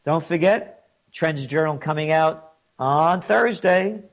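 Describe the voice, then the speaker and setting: A man's voice: fairly high pitch, slow. A man hosting an opinion commentary, indignant and mocking, his voice rising when he gets riled. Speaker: host.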